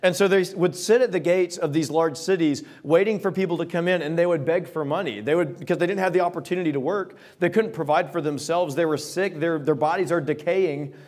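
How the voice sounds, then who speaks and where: A man preaching a sermon, retelling scripture passages in casual modern words and reading the old verses slowly. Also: a little high, darkish tone. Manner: reads King James verses slowly and solemnly. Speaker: pastor.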